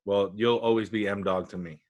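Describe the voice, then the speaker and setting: A man's voice: on the low side, fairly even intonation, brisk, darkish tone, dull audio. A man hosting a baseball podcast, chatting in a friendly, joking way with his guest. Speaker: podcast host. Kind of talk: casual interview chat.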